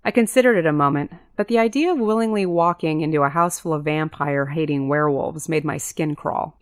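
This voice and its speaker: A woman with a fairly low voice reads a first-person audiobook. The sound is dry and close, with no room around it. She lifts her pitch to voice the characters in dialogue. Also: a little fast, dry recording. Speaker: audiobook narrator.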